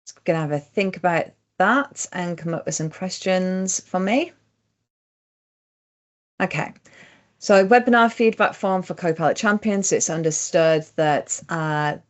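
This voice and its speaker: A woman with a strong accent talking through a software demo step by step, relaxed and methodical with casual fillers. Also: fairly low pitch, measured pace. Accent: strong regional accent. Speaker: presenter demonstrating software. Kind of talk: screen-share tutorial.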